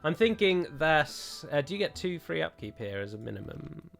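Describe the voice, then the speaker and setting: A man's voice: fairly high pitch, big pitch swings, moderate pace, gravelly, fairly bright tone, soft background music. Chatty man thinking aloud over a game. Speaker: strategy game player. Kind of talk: let's play commentary.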